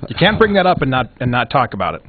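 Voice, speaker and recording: A man from North Dakota fires off quick wisecracks in talk-radio banter, and his pitch rises and falls a great deal. The sound is narrow, like a phone line. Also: very animated. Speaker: radio show co-host.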